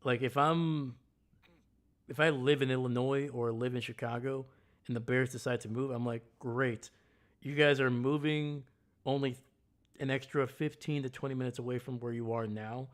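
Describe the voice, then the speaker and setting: A man's voice: mid-range voice, steady tone, normal speed. A man hosting a casual live stream, ranting bluntly and heatedly about sports. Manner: greets chat viewers loudly. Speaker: livestream host.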